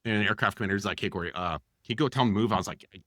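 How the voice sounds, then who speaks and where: Male podcast co-host, bright tone, casual animated storyteller, dry close mic. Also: lowish voice, very fast, no room sound. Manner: animated, acts out dialogue with lots of fillers.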